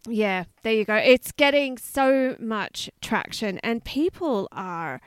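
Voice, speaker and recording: A woman's voice: on the high side, animated, takes it slowly, clear, resonant tone, dry recording, studio quality. A woman co-hosting a podcast, chatting casually and telling a story with lots of asides. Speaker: podcast co-host.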